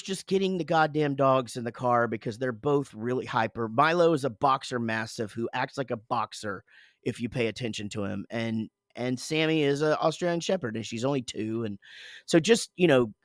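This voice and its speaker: A man in his forties tells a long story on his podcast, swearing casually and doubling back on himself. His pitch sits in the middle for a man. The recording is close and dry, with no room sound. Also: normal speed, no room sound. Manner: rambling, profane, animated storytelling with self-interruptions. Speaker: podcast co-host, father.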